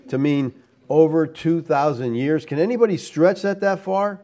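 Emphatic preacher man, mellow voice. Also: fairly high pitch, animated, measured pace, dull audio. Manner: emphatic, rhetorical questions, tags "all right?". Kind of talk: sermon teaching.

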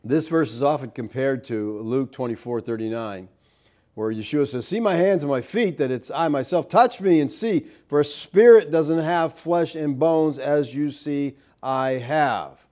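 A man's voice: fairly high pitch, a little slow, mellow. A man giving a verse-by-verse Bible teaching, explaining with rhetorical questions and stressing key points.

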